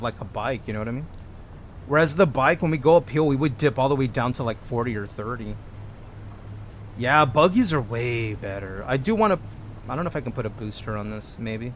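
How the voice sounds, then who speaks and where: A man streaming a game live, chatting excitedly and answering messages from his chat. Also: mid-range voice, a little fast, a little hiss or hum. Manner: excitable, chatty, keeps saying "dude". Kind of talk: casual live gameplay commentary.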